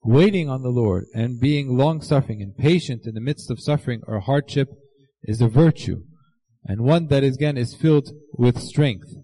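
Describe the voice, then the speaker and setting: A man delivers a sermon in a warm, mellow voice. He speaks earnestly and addresses his listeners directly, slowing down to quote scripture and the saints. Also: medium pitch, husky, poor audio. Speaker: preacher.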